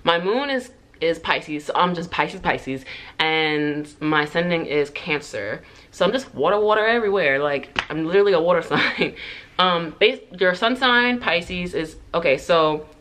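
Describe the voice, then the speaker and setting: A hair vlogger with a lowish, a bit bright voice chats casually with her viewers in a get-to-know-me video, sounding animated and speaking a little slowly. She rambles through her answers, filling them with "like" and "um," drifting onto tangents and laughing between sentences.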